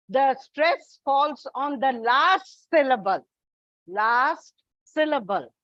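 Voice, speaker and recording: A woman teaching an English exam coaching lesson, explaining slowly, spelling out letters and repeating the key points. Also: high-pitched, lively intonation, a bit bright, no echo, highs cut off.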